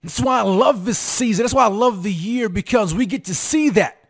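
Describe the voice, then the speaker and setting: A man's voice: high voice, normal speed, husky. A man hosting a sports talk show, hyped and repetitive, with sing-song emphasis as he calls out to his fans. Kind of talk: fired-up sports commentary to fans.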